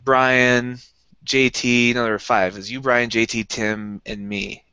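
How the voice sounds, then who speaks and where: A man's voice: medium pitch, steady tone, unhurried, sharp tone, smooth, no room sound, highs cut off. A man co-hosting a casual podcast, tossing in wisecracks. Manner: wisecracking interjections. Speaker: podcast co-host.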